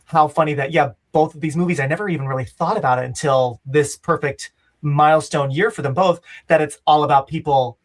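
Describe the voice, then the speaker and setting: A man's voice: a little high, steady tone, a little fast, few pauses. A man hosting a film podcast, chatting casually and enthusiastically, often tagging "right?" onto his points. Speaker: podcast host. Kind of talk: casual chat.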